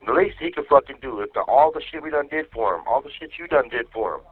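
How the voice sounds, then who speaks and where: A man's voice: medium pitch, animated, fast. A man on a phone call with his wife, ranting angrily and swearing heavily. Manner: angry, profane ranting. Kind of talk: casual phone conversation. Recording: tinny phone line.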